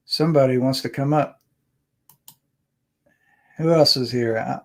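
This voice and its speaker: A man's voice: medium pitch, a little slow, long pauses. Laid-back slangy man hosting a stream. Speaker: livestream host. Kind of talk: casual livestream chat.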